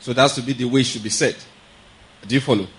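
Male preacher, mid-pitched, chatty sermon delivery with constant check-ins. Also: fast talker, fairly bright tone, rough recording. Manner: conversational teaching with frequent check-ins and chuckles.

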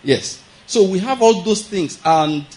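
A man's voice: high voice, animated, unhurried, a little mellow, poor audio. A man preaching a sermon in a conversational teaching manner, often checking that the listeners follow and chuckling as he goes.

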